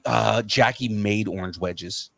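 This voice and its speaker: A man hosting a podcast, chatting casually and telling stories in a rambling, animated way with many restarts. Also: on the low side, slow pace, gravelly, dry recording. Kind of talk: casual chat.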